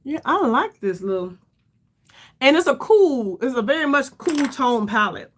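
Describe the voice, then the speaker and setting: A woman's voice: sits high, lively intonation, a little slow. A middle-aged woman hosting a casual makeup livestream, chatty and rambling, calling her viewers "y'all" and sounding tired. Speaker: beauty livestream host.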